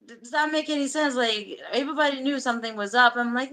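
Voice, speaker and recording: A woman hosting a livestream, bluntly and profanely telling a painful personal story in halting bursts. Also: a little high, a bit bright, poor audio. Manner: emotional, halting confession. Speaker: livestream host.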